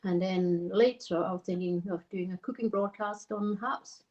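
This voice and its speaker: A woman's voice: medium pitch, steady tone, unhurried, darkish tone, dull audio. A Danish woman with a Scottish accent, chatting as a guest on a live stream in a friendly, slightly hesitant way. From Denmark. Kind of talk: casual chat on a live stream.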